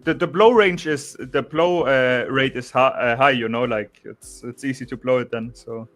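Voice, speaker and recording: A young man with a German accent, chatting casually about trading, relaxed, restarting sentences and saying "bro" a lot. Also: medium pitch, moderate pace, soft background music. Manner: relaxed, restarts often, says "bro" and "you know". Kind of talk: casual chat.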